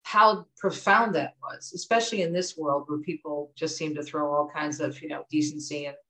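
A middle-aged woman from the United States with a lowish voice talks as an interview guest. She tells stories in a lively, chatty way. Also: normal speed, poor audio. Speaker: author and guest. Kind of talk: conversational interview.

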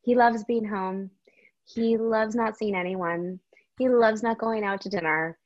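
A woman's voice: medium pitch, measured pace, no echo. Candid woman guest, slightly muffled. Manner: candid, expressive. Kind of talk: casual chat.

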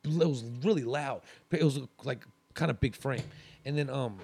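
A man's voice: mid-range voice, moderate pace, darkish tone, a little hiss or hum. A man telling a long story in casual chat, rambling with fillers and restarts.

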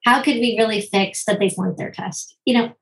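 A middle-aged woman, a physician and parenting author, answering interview questions in rapid bursts that slow for emphasis, often acting out quoted voices with big pitch jumps. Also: poor audio.

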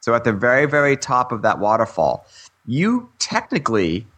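A man's voice: mid-range voice, wildly swooping pitch, normal speed, fairly bright tone, breathy edge. A man co-hosting a gaming podcast in casual chat, rambling with fillers and laughing often. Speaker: podcast co-host.

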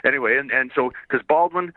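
A man from Canada, slightly hoarse, telling rambling stories as a guest voice actor, laughing often and acting out quoted voices. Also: medium pitch, fast talker. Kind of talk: casual interview storytelling. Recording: tinny phone line.

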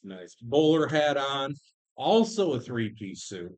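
A man narrating a tabletop role-playing game as game master, animated and quick to laugh. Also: medium pitch.

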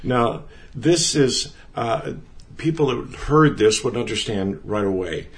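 A man's voice: medium pitch, expressive, takes it slowly. A man teaching the Bible in a conversational way, earnest and emphatic, repeating words for stress.

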